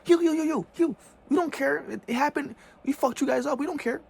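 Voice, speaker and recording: A man voicing a shrill, impatient, dismissive oppressor who taunts and repeats words rapidly. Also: vocal fry, a little mellow. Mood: mocking.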